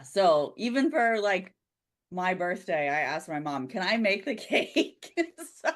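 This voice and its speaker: A chatty woman who laughs often, running a tabletop game as game master in casual chat. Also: on the low side. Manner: giggly, chatty.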